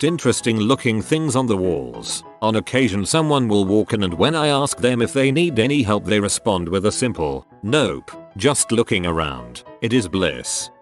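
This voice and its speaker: A man narrating a string of forum posts aloud in a storytelling read. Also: fairly low pitch.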